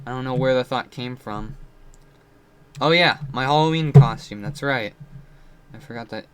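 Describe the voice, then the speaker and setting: A man's voice: medium pitch, normal speed, smooth. Frustrated rambling male gamer. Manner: frustrated rambling, swings between muttering and yelling. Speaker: gamer playing and commenting. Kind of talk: casual gameplay commentary.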